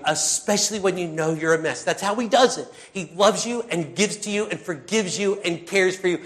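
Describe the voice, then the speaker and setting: Earnest conversational male preacher, fairly high voice. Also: normal speed, few pauses, fairly bright tone. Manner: conversational and earnest, with filler words and sighs. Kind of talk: sermon.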